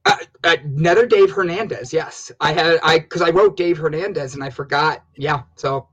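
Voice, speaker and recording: A man co-hosting a casual live stream, excitable, laughing often and calling out viewer names. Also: on the high side, moderate pace, slightly rough, lo-fi sound. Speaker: livestream co-host.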